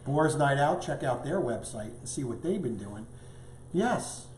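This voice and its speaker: A man's voice: medium pitch, sing-song, unhurried, a little mellow, echoey room, a little hiss or hum. A man hosting a live cooking show as the chef, upbeat and chatty, tasting and talking as he goes. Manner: upbeat, chatty, talks with mouth full at times. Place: home studio kitchen.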